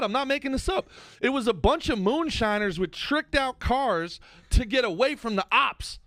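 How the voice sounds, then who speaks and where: A man co-hosting a comedy podcast, ranting in a casual, animated way that swings from loud outbursts to mumbled asides. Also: very high voice, no room sound, clean studio sound. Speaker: podcast co-host.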